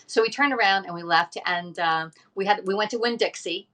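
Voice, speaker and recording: A middle-aged woman with a drawl chats on a casual live stream. Her voice sits low but rings bright and forceful. She rambles through a long story and keeps breaking off to greet viewers. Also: quick pace. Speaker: livestream host.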